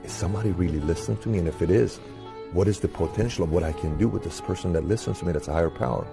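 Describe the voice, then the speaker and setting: A man's voice: low voice, quick pace, creaky. A man telling a personal story with feeling. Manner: emotional, animated retelling. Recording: speech over music.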